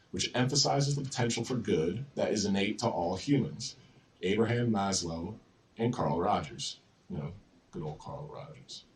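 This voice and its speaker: Low-voiced man giving a casual lecture. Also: far from the mic. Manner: relaxed, with frequent ums and you-knows. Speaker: psychology lecturer.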